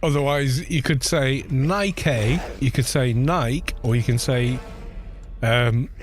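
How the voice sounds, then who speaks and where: A man's voice: mid-range voice, fairly even intonation, measured pace, faint music behind. A British man chatting casually and laughing often while live-streaming a game, teasing how words are pronounced. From Britain. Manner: chatty, amused, laughs often, mocking put-on pronunciations.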